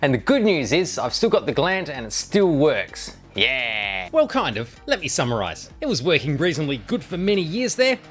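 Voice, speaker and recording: A man's voice: a little high, sing-song, normal speed, few pauses, a bit bright, soft background music. Jokey rambling DIY man. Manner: rambling and jokey, with wry asides. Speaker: DIY video maker. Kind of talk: casual chat reading viewer comments.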